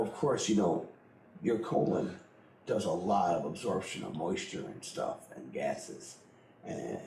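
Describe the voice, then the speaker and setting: Deep gravelly man, blunt and profane. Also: darkish tone, echoey room, a little hiss or hum, rough recording. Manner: blunt, profane, laughs through his own story. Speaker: interviewee. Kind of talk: candid personal storytelling.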